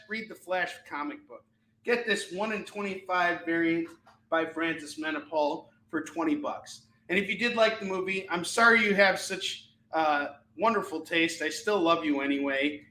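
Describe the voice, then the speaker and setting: A man hosting a live comic-selling stream, animated and ranting, often breaking into laughter. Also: a little high, moderate pace, distant mic. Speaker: live shopping show host selling comics. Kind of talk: live-stream sales chat and rant. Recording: echoey room.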